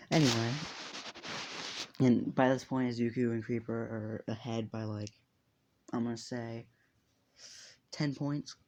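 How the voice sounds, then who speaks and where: Brief: laid-back guy narrating a fan story, mellow voice, loose and profane. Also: medium pitch, fairly even intonation, takes it slowly, long pauses, slight background noise. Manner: rambling, laughing, swearing often. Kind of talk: casual fan story retelling.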